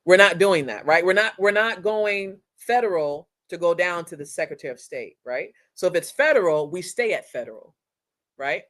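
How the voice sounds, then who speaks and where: A woman hosting a casual live-streamed training, talking straight to viewers in a chatty, energetic, slangy way through a computer mic. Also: fairly low pitch, normal speed. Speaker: course instructor and livestream host.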